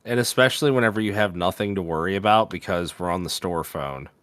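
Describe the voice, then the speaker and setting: A man with a fairly low voice, recorded dry and close, chatting loosely on a podcast. He tells his story in a relaxed, rambling way, full of fillers and casual swearing. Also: fast, no room sound. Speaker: podcast co-host.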